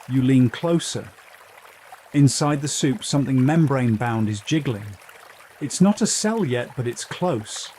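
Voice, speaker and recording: A man narrating a scripted sleep story about science in a calm, soothing, unhurried way. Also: mid-range voice, a little hiss or hum.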